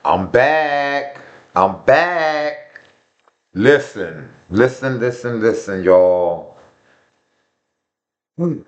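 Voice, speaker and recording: A man's voice: mid-range voice, animated, drawn-out words, long pauses. A man speaking frankly and earnestly to his viewers in a casual vlog, repeating himself for emphasis and using slang. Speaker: vlogger. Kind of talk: heartfelt casual talk to viewers.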